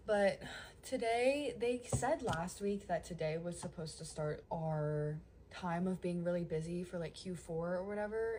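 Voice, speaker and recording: A young woman talks straight to camera, venting about her job in a loose, filler-heavy way. Her voice sits on the low side, with a faint hum of ambience behind her. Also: darkish tone. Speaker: call center worker. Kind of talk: casual vlog chat.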